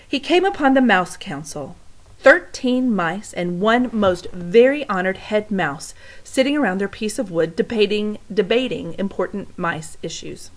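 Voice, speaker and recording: A woman's voice: medium pitch, animated, unhurried, poor audio. A woman reading a storybook aloud to young listeners, stopping to speak to them directly. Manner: warm direct address to listeners.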